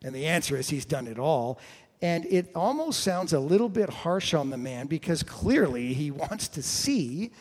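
Male preacher, fairly high voice, storytelling sermon, long hall reverb. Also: very animated, normal speed. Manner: storytelling, acts out quoted voices with sudden shouts.

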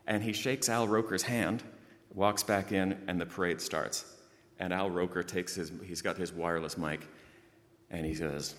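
A man preaching a sermon, telling a story in a lively way and praying in a hushed voice. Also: low-pitched, measured pace. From outside the United States. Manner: lively anecdotal delivery, hushed in prayer. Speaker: pastor. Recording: long hall reverb.

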